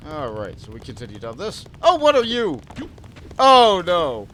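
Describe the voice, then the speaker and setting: A man giving casual, animated commentary while playing a building game. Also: sits high, a little slow. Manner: animated, jumps between exclamations and mutters. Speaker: let's play streamer.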